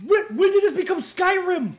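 A gaming streamer doing excitable let's play commentary, swearing a lot and laughing loudly. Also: extremely high pitch, normal speed, soft background music.

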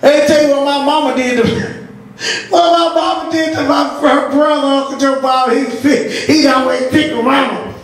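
A woman pastor preaching a sermon, telling stories with laughter and breaking into shouts. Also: sits high, steady tone, moderate pace. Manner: storytelling with laughter, rising to shouts. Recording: echoey church audio from far off.

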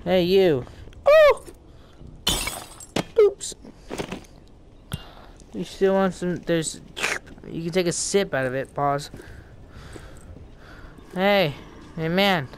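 A man commenting on his own gameplay, excitable and quick to yelp and laugh at scares. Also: sits high. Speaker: gamer. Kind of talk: let's play commentary. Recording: game sounds and noise behind.

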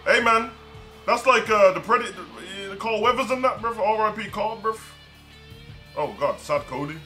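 High, bright-voiced man reacting. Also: animated, moderate pace, long pauses, faint music behind. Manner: exclamatory, fan-like, shouts in delight. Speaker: wrestling reaction host. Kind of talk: excited reaction commentary.

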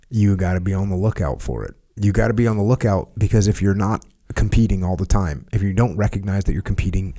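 A man's voice: low voice, warm tone. Teasing man on a podcast. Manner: teasing, asks quick questions. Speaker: podcast guest. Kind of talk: casual chat and reading from a book.

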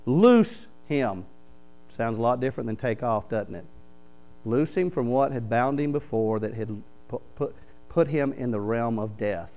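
A man, a pastor preaching a sermon in church, reading scripture aloud and explaining it with animated stories. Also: medium pitch, rough recording. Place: church sanctuary.

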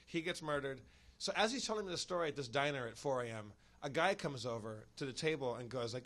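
Bright, animated male storyteller. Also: mid-range voice, fast. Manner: animated, acts out quotes. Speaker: podcast guest. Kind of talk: casual storytelling.

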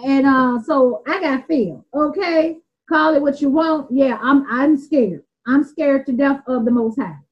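Southern US woman, high voice, earnest informal Bible teaching, plainspoken, dull lo-fi recording. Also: measured pace, few pauses. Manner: earnest, plainspoken, repeats and restarts while explaining words.

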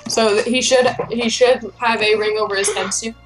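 A woman's voice: a little high, steady tone, moderate pace, soft background music. Chatty young woman guiding a game. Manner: chatty, reads game lines aloud playfully. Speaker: gameplay host guiding a friend. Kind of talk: casual gameplay chat.

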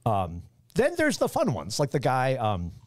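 Animated man telling stories on a podcast. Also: mid-range voice, measured pace, dry recording. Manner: animated storyteller, swears casually. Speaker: guest, guitar and bass teacher. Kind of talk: casual podcast chat.

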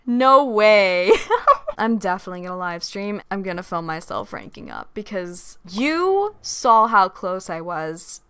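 A young woman giving casual commentary over gameplay, sarcastic and excitable, shrieking at tense moments and trash-talking opponents. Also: mid-range voice, slow pace, clear, resonant tone, no echo, studio quality, faint music behind. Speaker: gaming YouTuber.

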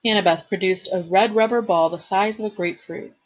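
A woman, a teacher, reading a novel aloud with expressive storytelling and the occasional slip and reread. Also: medium pitch, a little fast, dull audio.

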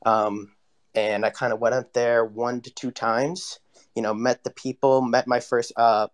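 A man in his twenties speaking as a panel guest in a casual online audio chat, loose and hesitant with many fillers. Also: medium pitch. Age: 20s.

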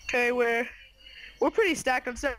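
A man playing a game with a friend, chatting casually in quick play-by-play. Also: extremely high pitch, fairly bright tone, no room sound, soft background music, rough recording. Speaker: co-player. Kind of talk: casual gaming chat.

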